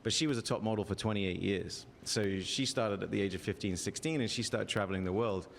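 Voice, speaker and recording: A man in his forties with an English accent, joking about himself in quick bursts. His voice sits fairly low and carries a long reverb from an outdoor stage. A faint noise hums underneath. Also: vocal fry. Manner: joking, self-deprecating, quick-talking. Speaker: guest. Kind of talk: casual on-stage interview. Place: outdoor backyard bar stage.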